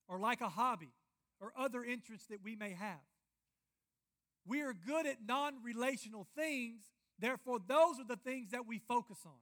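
A man's voice: extremely high pitch, a bit bright. A man preaching a sermon, candid and personal, speaking directly to the congregation. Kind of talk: sermon to a men's audience.

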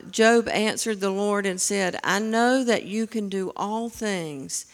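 Lady in her 70s preaching, earnest and steady, quotes scripture. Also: mid-range voice. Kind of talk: sermon.

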